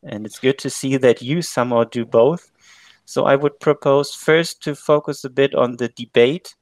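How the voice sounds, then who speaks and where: A man hosting a podcast interview, introducing the show and asking questions in a measured, formal way. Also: medium pitch, no room sound. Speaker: podcast host, assistant professor.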